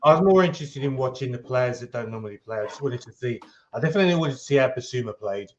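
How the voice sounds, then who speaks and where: A man's voice: mid-range voice, animated, quick pace. A male football fan chatting as a guest who stops, restarts and fills gaps with ums while staying upbeat. His voice comes through an echoey room on dull, slightly muffled audio. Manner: hesitant, many fillers and restarts, upbeat. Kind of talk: casual football chat.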